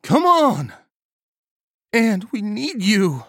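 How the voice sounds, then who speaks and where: A man narrating a horror story voices a frightened young woman soldier, yelling frantically with her voice cracking with fear. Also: high voice, huge pitch swings, very slow, dry recording, clean studio sound, pitched above the performer's own voice, full character voice. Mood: frantic. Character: panicked young female soldier.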